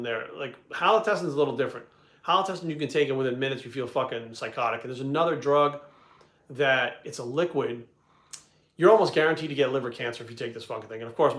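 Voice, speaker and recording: Blunt, profane man, coach type; rapid delivery, roomy echo. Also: mid-range voice, fairly bright tone. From Providence, Rhode Island. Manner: blunt, heavy swearing, rambling asides. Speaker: bodybuilding coach answering questions. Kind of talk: casual storytelling and Q&A. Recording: echoey room.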